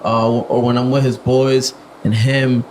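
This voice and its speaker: A reserved young man speaking softly as a podcast guest, in casual chat with lots of fillers. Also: mid-range voice, flat delivery, unhurried, slight background noise, low-quality recording. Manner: soft-spoken, reserved, many fillers. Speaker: podcast guest, music producer.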